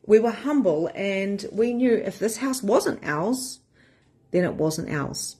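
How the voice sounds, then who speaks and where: A woman's voice: mid-range voice, animated, takes it slowly, warm tone, slightly rough. A woman in her thirties, a spiritual empowerment coach, talking frankly and with energy to her members, swearing casually. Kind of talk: casual live-stream talk to members.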